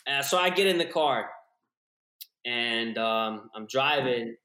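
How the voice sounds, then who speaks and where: A man's voice: mid-range voice, expressive, slow, pushed and bright. A young man casually telling a story on a podcast, swearing freely and calling everyone "bro" and "dude". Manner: profane, laid-back, peppers speech with "bro" and "dude". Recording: roomy echoey room.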